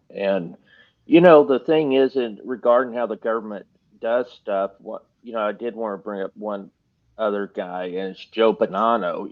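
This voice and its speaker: A man hosting an interview, asking questions and agreeing with short replies. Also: fairly low pitch. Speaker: host, interviewer. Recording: dull lo-fi audio.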